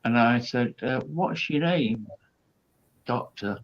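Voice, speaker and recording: A man's voice: mid-range voice, expressive, slow pace. An older man, a comedian guest, telling chatty anecdotes and acting out the people in them. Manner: chatty storyteller, acts out quoted voices. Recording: dull lo-fi sound.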